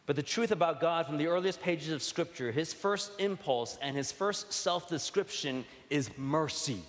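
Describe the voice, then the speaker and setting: A man preaching a sermon in a conversational way, asking rhetorical questions and dropping to soft, tender tones. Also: fairly high pitch, moderate pace. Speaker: pastor. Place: church sanctuary. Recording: long hall reverb.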